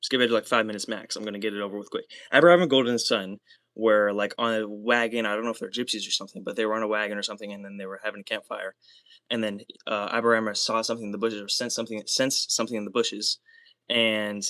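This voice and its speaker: A young man livestreaming alone, talking in a rambling, excitable way, full of fillers and swearing. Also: lowish voice, fast, no echo. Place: small soundproofed room.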